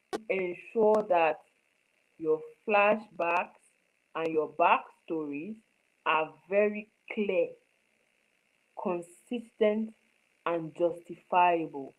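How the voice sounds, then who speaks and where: A medium-pitched woman teaches screenwriting live online in a rough recording, stressing her ideas by repeating them. She frequently asks her students whether they've understood.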